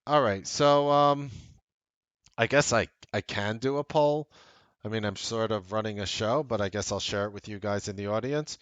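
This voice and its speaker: Chatty low-voiced man on a dry mic. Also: normal speed, fairly bright tone, clear, resonant tone, dry recording. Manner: chatty, self-deprecating, jokey asides. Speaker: trading show host. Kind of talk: casual live-stream talk.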